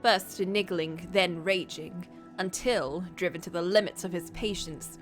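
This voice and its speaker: A woman's voice: lowish voice, measured pace, few pauses, soft background music. A woman streamer reading a story aloud in a casual way, with playful, chatty asides.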